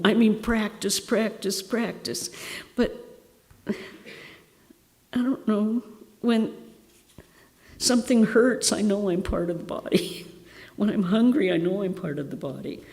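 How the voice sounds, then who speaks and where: An older woman, a nun, reminiscing at a retreat talk with self-deprecating humor and frequent laughs. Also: mid-range voice. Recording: long reverb hall.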